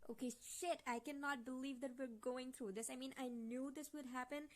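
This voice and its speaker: Woman, young adult, raised voice, exasperated, reads passages quietly, casual reaction vlog. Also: high-pitched, fairly even intonation, a little fast. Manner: indignant, exasperated rants; quiet, muttered reading of passages. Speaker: book vlogger.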